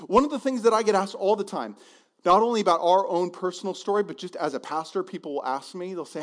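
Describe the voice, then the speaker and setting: A man's voice: high-pitched, fast. A man preaching a sermon as a pastor, telling a personal story and acting out the voices of the people in it. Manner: animated, acts out voices in his stories.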